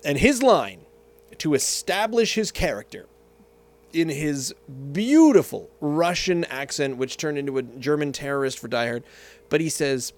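Man, casual vlog chatter, rambling, tangents, self-corrections, somewhat high, lively pitch. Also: a little slow. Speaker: vlogger. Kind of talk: casual storytelling and beer tasting.

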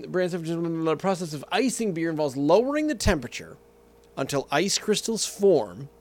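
A man vlogging casually, telling a rambling story and tasting a beer, often correcting himself and going off on tangents. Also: a little high.

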